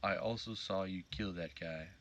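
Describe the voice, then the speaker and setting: A man's voice: deep voice, moderate pace, a bit bright, a little hiss or hum. A man streaming a game live, reading its text aloud in a joking, playful way.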